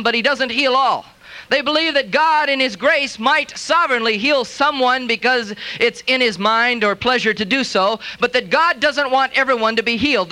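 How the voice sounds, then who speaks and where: A middle-aged man preaching a sermon as pastor, animated, acting out the voices of other people as he tells stories. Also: extremely high pitch.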